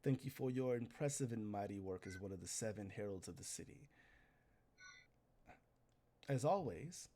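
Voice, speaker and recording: A calm, gracious noblewoman, as a man voices her. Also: on the low side, slight background noise, pitched below the performer's own voice, close to an everyday voice. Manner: measured, formal courtesy.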